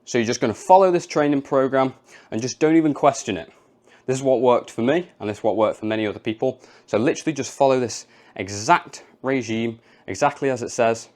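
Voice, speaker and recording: A man's voice: mid-range voice, fairly quick, darkish tone. A young man, casually explaining and demonstrating home leg exercises as a fitness coach. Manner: casual, chatty, demonstrating moves while explaining.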